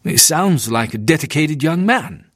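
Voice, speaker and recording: A man voicing a calm, courteous preacher in an audiobook, speaking in a measured way. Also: a little high, dry recording, clean studio sound, pitched above the performer's own voice.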